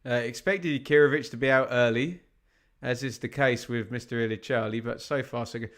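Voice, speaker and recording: A man commentating live on a football match for an online watch-along. He chats to his viewers, reads out the other scores and keeps asking the chat rhetorical questions. His pitch sits at an ordinary middle level for a man. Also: fairly even intonation, fairly quick, a bit bright.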